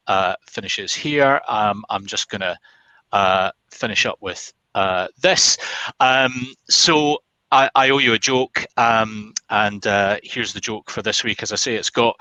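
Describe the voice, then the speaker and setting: Brief: British man, webinar host, chatty and rambling, bright forward tone, dry close sound. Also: on the low side, dry recording, poor audio. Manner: chatty, rambling, many ums and restarts. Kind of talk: casual webinar wrap-up with a told joke.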